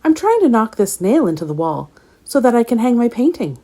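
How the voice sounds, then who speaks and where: A woman's voice: a little high, sing-song, a little fast, voice pushed up. A woman voicing a cheerful, friendly male tomato from a storybook. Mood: explaining. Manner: bright, friendly.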